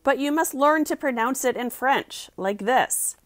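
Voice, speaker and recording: A woman's voice: high-pitched, expressive, unhurried, no room sound, studio quality, voice pushed up. A woman reading as an insistent French tutor.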